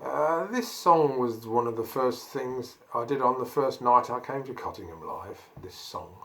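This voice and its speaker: A man's voice: medium pitch, animated, a little slow, fairly bright tone, a little hiss or hum. A man from Northamptonshire, a folk singer giving a chatty song introduction at a folk club, with wry asides. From Northamptonshire, England.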